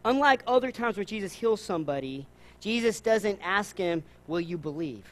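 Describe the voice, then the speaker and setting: A man's voice: sits high, lively intonation, moderate pace. A man preaching a sermon at a church service. He talks with repeated phrases and rhetorical questions, and he acts out the quotes. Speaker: pastor.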